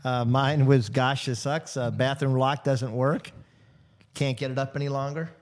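A man's voice: medium pitch, fairly even intonation, unhurried. A man co-hosting a casual podcast, teasing and playful as he lists his picks. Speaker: podcast co-host.

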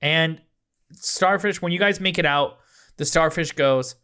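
Man, game master, tabletop game narration, slightly high voice, laughs often. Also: measured pace, bright, forceful tone, clear, resonant tone.

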